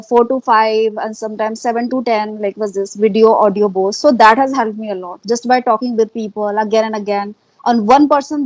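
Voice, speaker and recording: Indian lady chatting earnestly, bit high voice, lots of uh and like, dry close sound. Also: no echo, low-quality recording. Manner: earnest, repeats herself, many fillers. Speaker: interviewee, English learner. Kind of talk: casual conversation.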